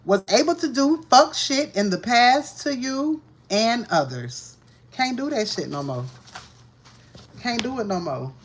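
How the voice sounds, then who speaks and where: A woman's voice: fairly high pitch, animated, measured pace, a little hiss or hum. A woman doing a live-streamed tarot reading from home, ranting in a profane, agitated way. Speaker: tarot reader.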